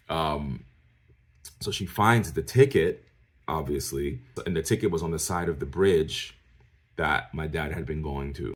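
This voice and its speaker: Very deep-voiced man telling a story. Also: measured pace. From New York. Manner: animated, talks straight to viewers, acts out the people he quotes. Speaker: storyteller vlogger. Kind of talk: casual storytime monologue.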